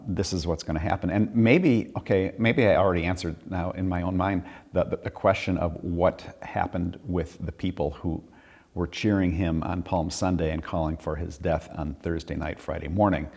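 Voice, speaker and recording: A man leading a casual church conversation about a sermon, thinking aloud in a reflective, halting way and repeating words as he works through ideas. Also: deep voice, fairly even intonation, creaky, a little mellow, big-room sound. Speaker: church leader discussing a sermon.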